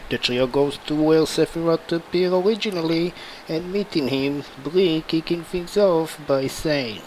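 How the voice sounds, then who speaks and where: A man narrating a fan-made game story over footage, in a slow, plain retelling. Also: fairly high pitch, a little hiss or hum, low-quality recording.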